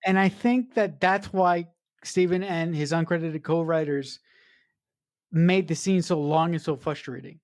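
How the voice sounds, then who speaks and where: A woman's voice: fairly low pitch, measured pace, darkish tone, dry recording, clean studio sound. A woman co-hosting a podcast, breaking down a film in casual chat, ranting with swearing and stumbling over fillers. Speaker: podcast co-host.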